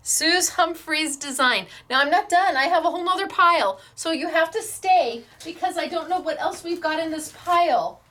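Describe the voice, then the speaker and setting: Female craft host, high bright voice, effusive and stammering with excitement. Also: moderate pace, few pauses. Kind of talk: excited show-and-tell of craft samples.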